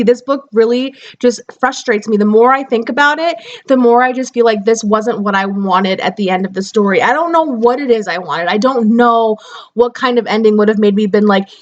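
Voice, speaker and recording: Young woman, higher voice, casual book review, rambling, exasperated, dull lo-fi recording. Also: moderate pace.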